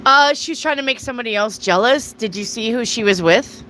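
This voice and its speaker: A woman's voice: fairly high pitch, expressive, fairly quick, pushed and bright, a little hiss or hum, poor audio. A woman hosting a casual live tarot reading, chatty, reading viewer questions aloud and answering them. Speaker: tarot reader.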